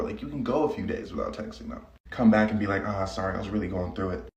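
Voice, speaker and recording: A man's voice: medium pitch, a little mellow, reverberant, distant mic. A man delivering a casual advice monologue, cocky and conversational, telling stories from his own dating life.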